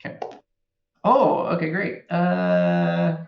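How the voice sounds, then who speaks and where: A man's voice: sits high, slow, vocal fry. A man playing a tabletop game, hesitant and asking about the rules, recorded in a roomy, dull way. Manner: hesitant, asks rules questions, laughs. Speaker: player. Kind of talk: casual tabletop play.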